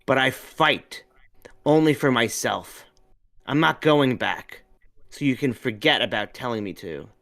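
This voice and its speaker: A cocky young girl thief, put on by a man reading the story with a shrill, mocking edge. Her voice jumps up in pitch and rides high and loud when she gets defiant. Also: lively intonation, measured pace, vocal fry. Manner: mocking, shrill, rising to shouts.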